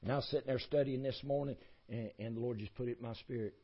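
A man's voice: mid-range voice, fairly even intonation, quick pace, slightly rough, dull audio. A man preaching a sermon, folksy and emphatic, repeating his points in a rising cadence.

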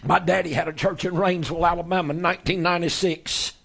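A male preacher, telling a story in a sermon in a folksy way that swells into shouting. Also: fairly high pitch, fairly even intonation, fast talker, vocal fry, breathy edge.

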